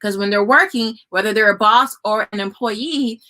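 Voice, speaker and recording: A woman's voice: medium pitch, normal speed, pushed and bright. A woman hosting a casual live stream, giving homeschooling advice and talking to viewers as y'all. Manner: chatty, addresses viewers as y'all.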